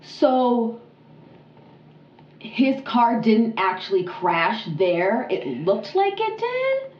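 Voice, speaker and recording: A woman's voice: fairly high pitch, sing-song, extremely slow, reverberant, lo-fi sound. A woman co-hosting a podcast, reacting and interjecting questions in casual chat. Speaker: podcast co-host.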